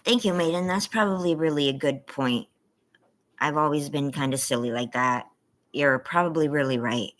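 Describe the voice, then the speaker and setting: A woman with a sore throat chatting casually on a livestream from her front yard, soft, weary and apologetic. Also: low-pitched, moderate pace. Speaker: livestream host.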